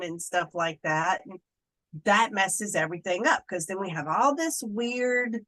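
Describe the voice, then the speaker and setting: A woman's voice: mid-range voice, unhurried, a bit bright, rough recording. A middle-aged woman, a Wiccan clergy member, talking casually in an interview and slipping into playful voices when she quotes people.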